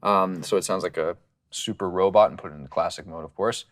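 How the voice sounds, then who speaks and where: A man talking casually through his studio process as a music producer, relaxed and rambling with plenty of fillers, on a studio condenser mic. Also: low voice, brisk.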